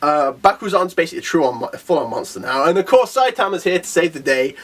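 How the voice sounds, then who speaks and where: Lively, excitable young man reviewing manga. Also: quick pace. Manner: enthusiastic, rambling with fillers and restarts; acts out characters' lines in a lowered voice. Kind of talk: casual chapter review.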